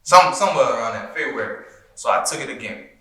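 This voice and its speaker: A man, a former football player telling stories on a podcast in a casual, animated way, acting out the people he quotes. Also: mid-range voice, quick pace. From Louisiana, US. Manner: animated, acts out quoted voices, profane slang. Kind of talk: casual storytelling. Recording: echoey room, distant mic.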